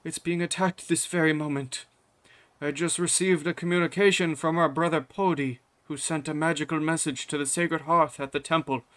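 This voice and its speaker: A man voicing an older male temple priest who speaks in a raised, hurried, alarmed way. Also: fairly high pitch, steady tone, a bit bright, pitched above the performer's own voice, natural voice. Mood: urgent.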